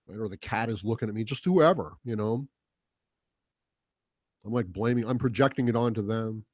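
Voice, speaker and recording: A man's voice: fairly low pitch, a little fast, long pauses, darkish tone, dry recording, studio quality. A man hosting a heated, profane commentary monologue, mocking the voices he quotes. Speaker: political commentary host. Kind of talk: casual monologue.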